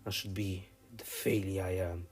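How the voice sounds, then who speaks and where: Despairing young ninja guy, bitter, repeats himself, low voice, read by a man, soft music behind. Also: little pitch movement, moderate pace.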